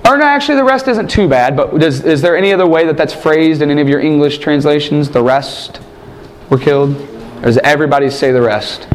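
A man's voice: a little high, expressive, brisk, slight background noise. A man teaching a Bible class, quizzing his students and joking between points. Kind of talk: classroom lecture with questions.

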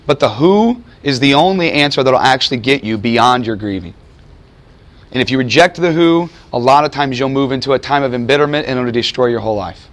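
A man with a medium-pitched, expressive and slightly bright voice preaches a sermon on a Bible passage. He uses emphatic rhetorical questions and slows down deliberately to stress his points.

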